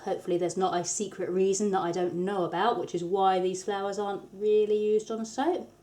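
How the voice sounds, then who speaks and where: A woman narrates a hands-on craft tutorial as its host. She sounds casual and chatty, with light self-deprecating humour. Her voice sits at an ordinary middle pitch. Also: darkish tone. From England. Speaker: soap maker, tutorial host.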